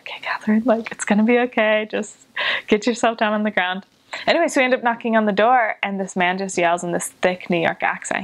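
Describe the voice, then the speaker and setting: A young woman, a former missionary, telling a story casually with lots of "like", jumping into high voices when she quotes people. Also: creaky. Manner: animated, lots of filler "like", jumps into high voices when quoting.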